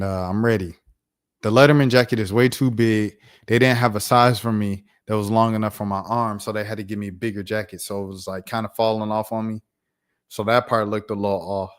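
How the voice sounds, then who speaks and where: Animated slangy man telling a story. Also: medium pitch. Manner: animated, slangy, laughing asides. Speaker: streamer host. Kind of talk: casual storytime.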